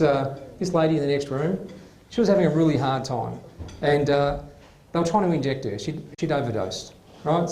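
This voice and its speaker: A man hosting a comedy show, telling chatty stand-up stories from a club stage. His voice is fairly high, and the room around him is echoey. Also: a little mellow. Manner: chatty storytelling, laughing through the punchlines. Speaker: host. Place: club venue before a live audience.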